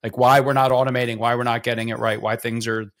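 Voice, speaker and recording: In a relaxed group podcast chat, a male co-host talks fast in a medium-pitched voice. He rambles with animation, leaning on fillers and poking fun at himself.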